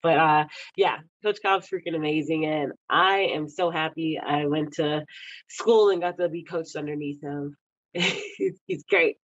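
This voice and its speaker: A young woman from Texas talks casually as a podcast guest, laughing easily between her sentences. When she retells what someone said, she jumps up into a high, playful voice. The recording sounds a little dull and lo-fi, with a dry, close sound and no room echo. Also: measured pace. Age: young adult. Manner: giggly, laughs often between phrases. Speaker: podcast guest, Olympic wrestler. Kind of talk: casual interview chat.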